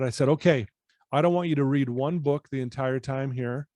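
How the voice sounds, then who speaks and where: A man with a slightly high voice tells a story as a podcast guest. He acts out the people he quotes with animated shifts. The recording is close and dry, with no room echo. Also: normal speed. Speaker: personal-development coach, podcast guest. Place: his office at home.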